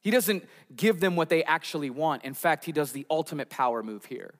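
A man's voice: a little high, animated, fairly quick, few pauses, big-room sound. A man preaching an expository sermon, building emphasis and sometimes voicing quoted pleas. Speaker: pastor.

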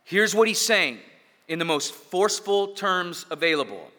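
A man's voice: high voice, expressive, normal speed, pushed and bright. A man preaching a sermon as pastor, emphatic, building points through repetition and dropping in casual asides. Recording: long hall reverb.

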